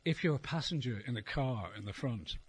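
Performing on a live stage, this Dublin-accented comedian and poet from Ireland, a middle-aged man, swears liberally through a wry, meandering routine. He speaks at medium pitch, animated and brisk, against slight background noise.

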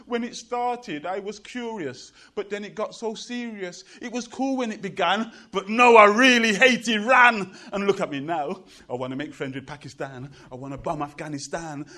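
A man's voice: sits high, normal speed, hardly any pauses, sharp tone. A middle-aged British man performing poetry to a live audience, with a rhythmic chanting delivery and playful banter with the crowd. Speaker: performance poet.

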